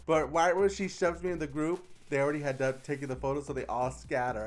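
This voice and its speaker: A young adult man, a drag queen vlogger, telling stories in a sassy, animated way and often squealing into high voices for quotes. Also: fast talker, hardly any pauses, soft background music. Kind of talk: casual chatty vlog storytelling.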